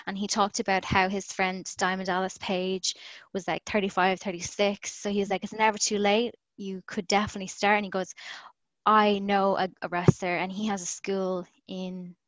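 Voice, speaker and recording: A woman's voice: medium pitch, little pitch movement, normal speed, fairly bright tone, dry recording, poor audio. Chatty Irish woman telling a story. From Ireland. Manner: chatty, laughs often, acts out quoted lines. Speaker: podcast guest. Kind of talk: casual storytelling in an interview. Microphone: remote call.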